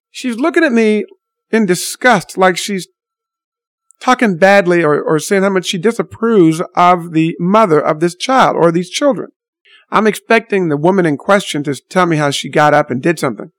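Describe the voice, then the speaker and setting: A man's voice: high-pitched, normal speed, fairly bright tone, no echo. Blunt, indignant man talking to viewers. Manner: blunt, indignant storytelling with mild swearing. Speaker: vlogger addressing viewers. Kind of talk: unscripted spoken monologue.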